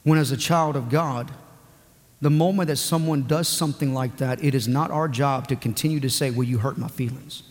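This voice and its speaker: A man's voice: fairly high pitch, normal speed. A male pastor delivering a sermon, moving from a personal story to emphatic preaching. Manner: storytelling with acted quotes, then emphatic preaching. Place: church sanctuary. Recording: long hall reverb.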